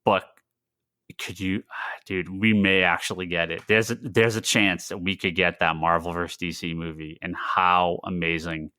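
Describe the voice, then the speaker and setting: Man, low voice, bright forceful tone, casual podcast chat, excitable rambling. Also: normal speed, no room sound, clean studio sound. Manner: rambling, restarts sentences, excitable. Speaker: podcast co-host.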